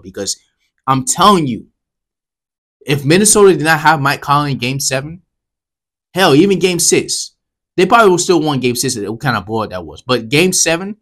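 Man ranting heatedly about basketball. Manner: heated, talks straight to viewers; swings from low mutters to loud outbursts. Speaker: sports commentary vlogger. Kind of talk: casual basketball commentary rant.

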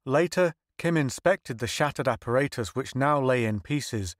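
A man's voice: medium pitch, dry recording. Man narrating an audiobook, dry and close. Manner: steady, measured storytelling. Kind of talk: scripted narration.

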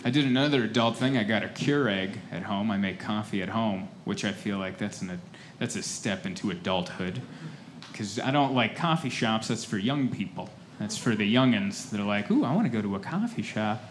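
A man's voice: on the low side, moderate pace. A man in his thirties doing a self-deprecating stand-up set, acting out quoted voices along the way. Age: 30s. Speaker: stand-up comedian. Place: comedy stage before a laughing audience. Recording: live comedy set with audience noise. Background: audience laughter.

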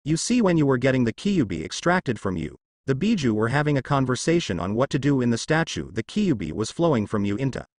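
A stammering young goddess, soft-spoken and polite, read by a man. The voice rises and falls with plenty of movement. It sounds close and dry, with no room around it. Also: mid-range voice, very animated, brisk, few pauses, dry recording. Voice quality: stuttering. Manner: gentle and polite.

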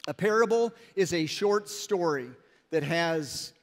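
A man with a high voice preaches slowly and deliberately, telling stories with emphasis. His words ring out with a long reverb across a large church hall. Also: expressive. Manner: storytelling, emphatic. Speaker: pastor. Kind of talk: sermon.

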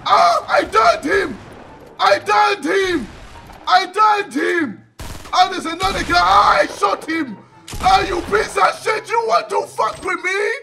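A man's voice: extremely high pitch, lively intonation, normal speed, slight background noise, heavily acted. A young man doing a comic put-on Nigerian accent as a clueless gamer, exaggerated and swearing, on a headset. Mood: panicked shouting. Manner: exaggerated, yelling in panic, swearing. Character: loud comic African newbie gamer man. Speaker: gamer host. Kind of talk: comedic gaming commentary.

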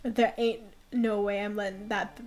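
A woman's voice: medium pitch, little pitch movement, unhurried, soft background music, natural voice. A woman voicing a defiant young man with a put-on Brooklyn accent. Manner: tough-guy street talk, loud.

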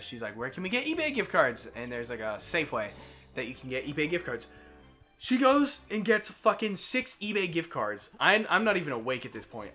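Animated, profane man telling a story. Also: medium pitch. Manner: animated, profane storyteller who acts out quotes. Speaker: let's play host. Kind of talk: casual gaming commentary and storytelling.

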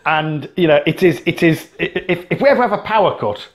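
A man from Britain with a slightly high voice tells stories as a podcast co-host. He laughs often and restarts his sentences as he goes along. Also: brisk. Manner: animated storyteller, laughs often, many restarts. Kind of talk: casual chat.

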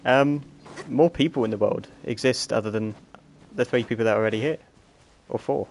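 A man's voice: medium pitch, a little fast, a little hiss or hum. A man giving casual commentary while playing a video game. He puzzles aloud and jokes to himself. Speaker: gaming streamer.

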